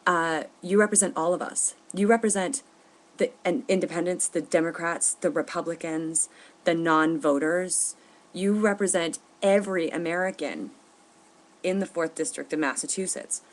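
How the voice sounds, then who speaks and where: A woman vlogging at home, telling a story in an indignant, animated way with bursts of laughter. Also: fairly low pitch, moderate pace. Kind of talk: casual storytelling to camera. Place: at home, indoors.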